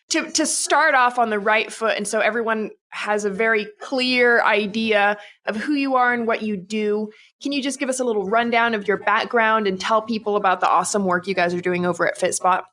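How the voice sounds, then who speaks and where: A woman hosting a podcast, reading a scripted intro and then interviewing in a bright, friendly way. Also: a little high, steady tone, moderate pace. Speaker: podcast host.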